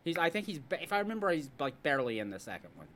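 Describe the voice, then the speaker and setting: Animated ranting podcast host, a man. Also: on the high side, rapid-fire. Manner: animated, ranting, jokey storyteller. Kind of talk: casual chat.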